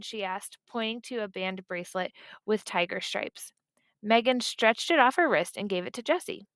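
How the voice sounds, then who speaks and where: A woman narrating a children's book in a steady, expressive storytelling manner, close to the mic. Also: mid-range voice, normal speed, no echo. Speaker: audiobook reader.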